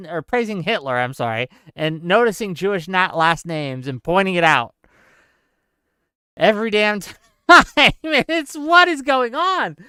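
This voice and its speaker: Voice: mid-range voice, fairly bright tone, smooth, no echo, clean studio sound. A live-stream show host giving incredulous, exasperated commentary, laughing in disbelief and reading out viewer chat. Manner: exasperated, many filler "okay?" tags.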